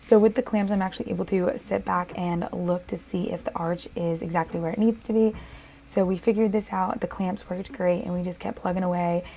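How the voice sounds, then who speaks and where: A woman's voice: on the low side, fairly even intonation, fairly quick, gravelly, mellow, slight background noise. A young woman narrating her building project in a bubbly, enthusiastic vlog style. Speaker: vlogger.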